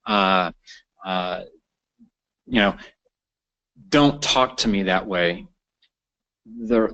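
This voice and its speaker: Low-voiced man giving a training lecture. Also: fairly bright tone, poor audio. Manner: unscripted, many fillers and restarts. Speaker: counselor presenting a training course. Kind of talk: continuing-education lecture.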